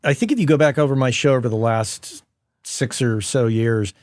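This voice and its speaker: A man's voice: medium pitch, moderate pace, dry recording, studio quality. Podcast host man telling stories. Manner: storytelling, animated when quoting people. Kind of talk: casual conversation.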